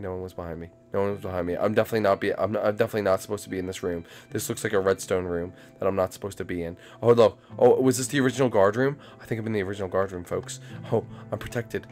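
A young man commentating a game. He repeats his phrases again and again, and swings from hushed muttering to panicked shrieks. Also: fairly low pitch, creaky. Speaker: gameplay commentator.

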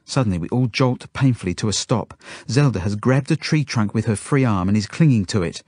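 Author-narrator, male, low husky voice, earnest first-person storytelling. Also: expressive, fairly quick, few pauses, darkish tone, no room sound, studio quality. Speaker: author reading his book. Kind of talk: audiobook narration.

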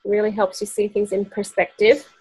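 A woman's voice: medium pitch, little pitch movement, moderate pace, a little mellow, slightly rough, rough recording. A woman presenting essential oils to a small group, chatty and often laughing. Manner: chatty, laughing often, acts out quoted voices. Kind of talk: casual workshop talk to a group.

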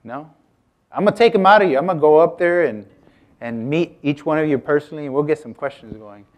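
A man's voice: a little high, fast, lo-fi sound. Chatty man giving a loose artist talk. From United States. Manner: chatty, self-interrupting, asks the audience questions. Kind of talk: casual artist talk to an audience.

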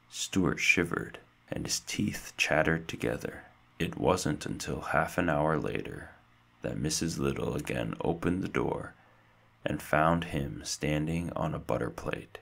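Man, children's book reader, extremely low voice, slow, steady. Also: vocal fry, husky. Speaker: narrator. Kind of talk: reading a children's book aloud.

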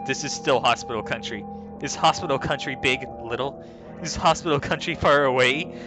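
This is casual let's play commentary: a man at a moderate pace and medium pitch reads a text adventure game's story aloud, laughing and swearing at what happens. Background music is clearly audible.

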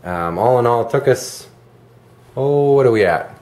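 A man's voice: medium pitch, expressive, normal speed, a little mellow. A man hosting a casual cooking video, joking and poking fun at himself. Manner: joking, self-deprecating. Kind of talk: casual cooking demo banter. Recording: echoey room with light noise.

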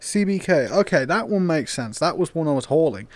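A young man giving casual, sweary gameplay commentary, swinging into loud disbelief and laughter. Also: a little high, expressive, fairly quick, no echo. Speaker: gaming YouTuber.

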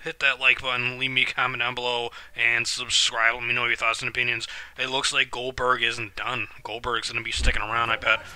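A man hosting a reaction channel, giving excitable live commentary on a wrestling match and swearing when outraged. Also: mid-range voice, a little fast, few pauses, dry recording.

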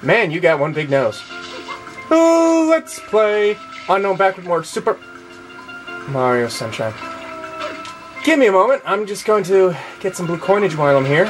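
A man's voice: sits high, expressive, normal speed, pauses often. A man giving sarcastic, profanity-laced commentary while playing a video game. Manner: sarcastic, swears often. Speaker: let's play gamer. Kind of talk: gameplay commentary. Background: video game music.

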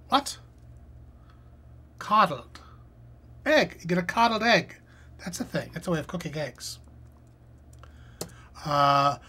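A live-stream host solves a crossword, chatting casually and reading the clues aloud while thinking, with plenty of fillers. The voice is mid-range, a bit bright, with a breathy edge.

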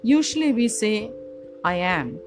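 Calm woman teaching Vedanta over music. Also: medium pitch. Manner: calm, deliberate, list-like phrasing. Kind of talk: measured spiritual teaching talk. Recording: music playing behind the voice.

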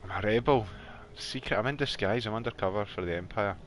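A Scottish man chatting casually with viewers while streaming a game from his warm bedroom, laughing often. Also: on the low side, fast talker. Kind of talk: casual live gameplay chat.

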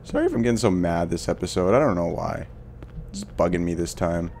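Young man, let's play commentary, low voice, angry ranting, swearing, faint background noise. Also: animated, fairly quick, gravelly, darkish tone. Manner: angry, swearing, frustrated outbursts. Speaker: gameplay commentator.

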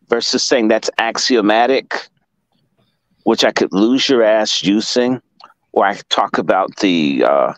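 Low-pitched man lecturing in a slow, profane, emphatic way, dry close sound; guest commentator on a livestream. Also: no echo, low-quality recording. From Washington, D.C. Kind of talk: casual livestream talk.

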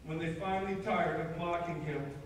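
A high-pitched American preacher delivers an Easter sermon in a church, swelling dramatically whenever he voices the quoted lines. The voice reaches the mic from a distance and rings through a long, booming hall reverb, with faint room ambience behind it. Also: moderate pace, a little hiss or hum. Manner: dramatic, rising to loud quoted outbursts. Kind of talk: Easter sermon retelling scripture. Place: church sanctuary. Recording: echoey hall, far from the mic.

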